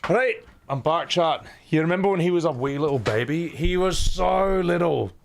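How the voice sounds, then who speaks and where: A man's voice: on the high side, animated, normal speed, creaky, a little hiss or hum. A young adult man, chatting casually to his stream audience and cooing at his cat. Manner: affectionate baby talk to his cat. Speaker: game streamer.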